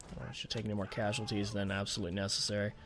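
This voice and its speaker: A man's voice: fairly low pitch, flat delivery, rapid-fire, music in the background. A man talking through a strategy game as he plays, thinking aloud and swearing when the game frustrates him. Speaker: gaming channel host. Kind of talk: let's play commentary.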